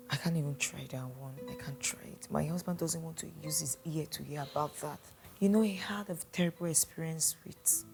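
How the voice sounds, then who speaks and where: An actress playing a worried wife who speaks in hushed tones, with a Nigerian accent. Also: female voice, on the low side. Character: worried young wife afraid of her husband.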